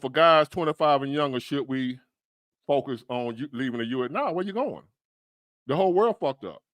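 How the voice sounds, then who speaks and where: A man's voice: a little high, fairly bright tone, no room sound, studio quality. A man giving blunt, profane, rambling reaction commentary on a livestream. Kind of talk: reaction commentary on a news clip.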